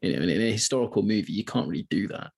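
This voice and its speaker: A man's voice: fairly low pitch, animated, very fast, gravelly, slightly rough. A man co-hosting a podcast, chatting loosely about a film with frequent restarts and asides. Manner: chatty, rambling with many restarts. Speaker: podcast co-host. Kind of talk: casual film discussion.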